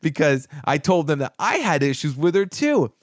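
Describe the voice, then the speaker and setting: A man's voice: moderate pace, no room sound, studio quality. A man co-hosting a podcast, telling a story in casual, profane chat and acting out the people he quotes. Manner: animated, profane, acts out quoted lines with big pitch jumps. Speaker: podcast co-host.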